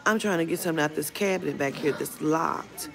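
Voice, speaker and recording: A woman's voice: low-pitched, fairly quick, creaky, crowd noise. A woman vlogger telling a storytime rant in a blunt, profane way. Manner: blunt and profane, retelling a run-in. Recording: music playing under the voice.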